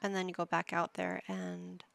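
A woman's voice: lowish voice, monotone, moderate pace, vocal fry, a bit bright. A woman giving casual gameplay commentary, chatty and coaxing, talking to her characters like a parent would. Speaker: gaming YouTuber.

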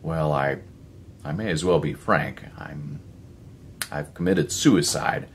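A man's voice: rumbling low, slow, creaky, a little hiss or hum, exaggerated voice. A male narrator voicing a younger druggist who falters and stammers and sounds unsure of himself. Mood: hesitant.

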